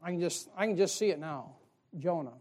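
A man's voice: a little high, lively intonation, brisk, darkish tone. A male pastor preaching a sermon in a folksy way, firing rhetorical questions at his congregation.

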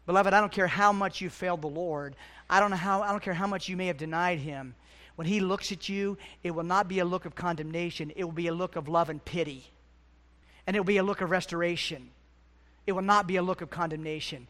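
A middle-aged man preaching a sermon as pastor, swinging between loud, emphatic peaks and quiet, hushed asides. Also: high-pitched, brisk.

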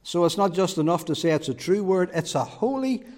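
A man's voice: high voice, animated, brisk, darkish tone. A man preaching a sermon as pastor, emphatic, with rising swells and many repetitions. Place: church. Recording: long church reverb.

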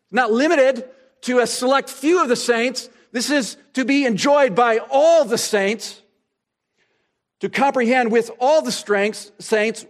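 A male pastor preaching a sermon, asking rhetorical questions and pausing for effect, slowing down to stress key phrases. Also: very high-pitched. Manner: expository preaching, rhetorical questions, dramatic pauses.

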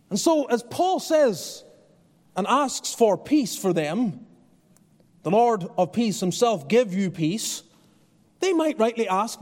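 Earnest high-voiced male preacher. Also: sing-song, a little slow, a little mellow, in a large hall. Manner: earnest, conversational preaching with restarts. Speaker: pastor. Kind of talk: sermon. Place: church.

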